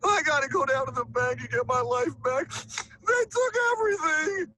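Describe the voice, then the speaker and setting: A man's voice: very high voice, animated, moderate pace, bright, forceful tone, no echo, full character voice. An actor playing a desperate young man who begs to get his life back, in a noisy film clip.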